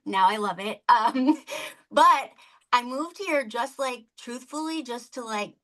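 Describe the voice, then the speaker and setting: Bright-voiced woman podcast host. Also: a little high, slow, rough recording. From Upper Peninsula of Michigan. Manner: open, emotional and self-deprecating. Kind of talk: conversational podcast chat.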